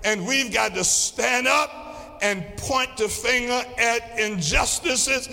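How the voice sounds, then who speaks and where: A man preaching a sermon as pastor, with a rhythmic delivery that swings from quiet passages to shouts. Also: very high voice, slow pace, vocal fry. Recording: long reverb of a large hall.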